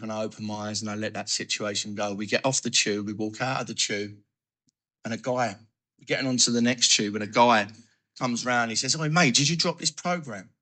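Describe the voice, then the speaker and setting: Man, bright tense voice, lively first-person recovery talk, plays out his inner voice. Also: medium pitch. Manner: animated storytelling, acting out his own thoughts. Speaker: recovery speaker.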